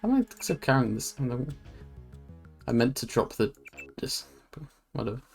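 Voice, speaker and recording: Easygoing gameplay commentary voice, mid pitch, soft music behind. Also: sing-song, moderate pace, gravelly, slightly rough. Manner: casual, swears, laid-back. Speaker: streamer.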